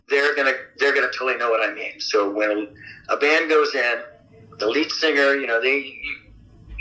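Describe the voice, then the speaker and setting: A man being interviewed as a rock singer, telling stories in a casual, animated way and acting out quotes with big jumps in pitch. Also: low-quality recording. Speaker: rock vocalist guest. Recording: radio interview audio.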